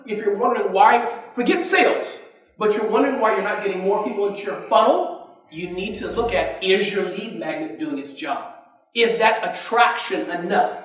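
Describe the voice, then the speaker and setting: Guy pumping up a conference crowd, lots of "right?", big echoey hall, mic kinda far. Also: sits high. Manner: energetic, keeps quizzing the audience. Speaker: conference speaker. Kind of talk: motivational business talk.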